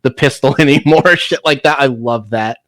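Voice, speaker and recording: A man's voice: medium pitch, normal speed, fairly bright tone, no room sound. Dry-sounding laid-back man chatting. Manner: laughs often, trails off with repeated words. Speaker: podcast co-host. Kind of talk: casual chat.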